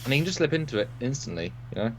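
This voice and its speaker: A man's voice: mid-range voice, sing-song, racing, a little hiss or hum. A man co-hosting a livestream, chatting casually and rambling with frequent restarts, on a desk mic. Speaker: co-host. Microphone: desk mic at computer.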